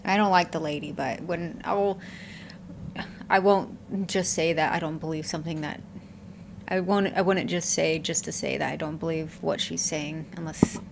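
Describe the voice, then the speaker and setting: A woman's voice: low voice, steady tone, normal speed, creaky, slight background noise. A woman hosting a reaction channel, giving blunt, candid commentary and swearing offhand.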